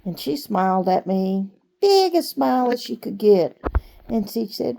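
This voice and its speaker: A woman telling a true story from her own life in an unhurried, conversational way, with fillers. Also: mid-range voice, sing-song, vocal fry, warm tone. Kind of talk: personal storytelling.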